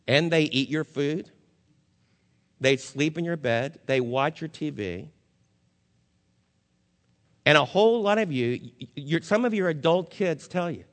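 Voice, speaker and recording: A male pastor preaching a sermon, firing rhetorical questions at the congregation and swinging from loud emphasis to low, somber warnings. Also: animated, moderate pace. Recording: long hall reverb.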